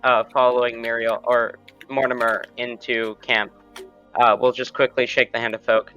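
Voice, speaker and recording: A man's voice: mid-range voice, flat delivery, normal speed, sharp tone, smooth, highs cut off, faint music behind. A man playing a tabletop game, talking casually and hesitantly with many fillers. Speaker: player. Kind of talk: casual chat.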